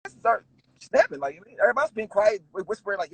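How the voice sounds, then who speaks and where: A man's voice: high voice, quick pace, creaky, slight background noise, poor audio. A man, a rapper telling stories in a casual interview, swearing and laughing as he goes. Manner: animated, swearing, laughing storyteller.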